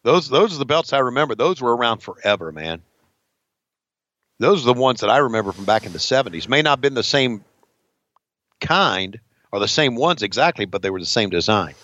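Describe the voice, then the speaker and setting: A man's voice: mid-range voice, very animated, fairly quick, fairly bright tone, dry recording, muffled recording. A man co-hosting a casual chat, telling profane stories and laughing often.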